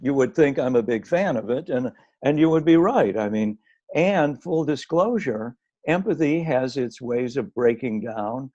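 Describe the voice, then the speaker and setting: A man speaks in a measured, hedging way, circling back with "I mean" as he builds a point. His voice sits at an ordinary pitch for a man. The sound is slightly dull and lo-fi, like a video call. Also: warm tone. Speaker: guest author. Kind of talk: conversational discussion.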